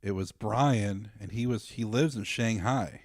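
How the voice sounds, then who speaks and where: A man's voice: fairly low pitch, unhurried, no room sound, studio quality. A man co-hosting a podcast in an easygoing, chatty way, often repeating himself as he tells a story. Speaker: podcast co-host. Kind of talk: casual chat.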